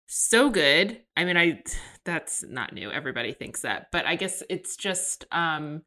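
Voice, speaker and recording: A woman's voice: sits low, big pitch swings, a little slow, pushed and bright. A young adult woman joining a casual podcast as guest co-host, upbeat and giggly, often trailing off.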